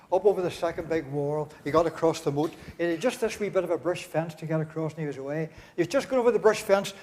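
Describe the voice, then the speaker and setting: A man's voice: fairly high pitch, a little mellow. Chatty Northern Irish man telling jokes. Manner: chatty, laughs at his own jokes, rambling. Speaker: comedian at a concert. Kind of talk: live comic storytelling. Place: church, live concert.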